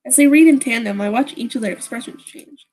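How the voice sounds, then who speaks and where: A woman's voice: on the high side, a little fast, a little mellow, natural voice, poor audio. Awkward teen boy narrating, dry and a little sheepish, woman reading him. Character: awkward teenage boy protagonist.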